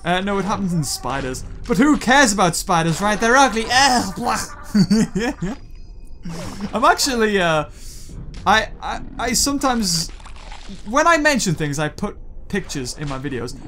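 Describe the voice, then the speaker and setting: Animated man rambling over gameplay. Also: high-pitched, unhurried, slight background noise. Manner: excitable, jokey, chattering to viewers. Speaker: gaming video host. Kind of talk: let's play commentary.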